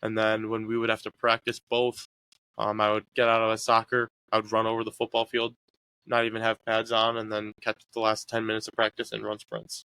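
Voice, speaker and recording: A man's voice: fairly low pitch, monotone, brisk, sharp tone, smooth, no echo. A young man being interviewed about his sports years, talking in an easygoing, rambling way with lots of fillers. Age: young adult. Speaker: guest, college soccer player. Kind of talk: casual interview talk.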